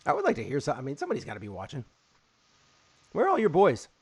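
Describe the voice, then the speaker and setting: Gravelly, animated man co-hosting a stream. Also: mid-range voice, rapid-fire, no room sound. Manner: animated and playful, jokes and exclaims. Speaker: co-host running the stream. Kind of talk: casual live-stream chat.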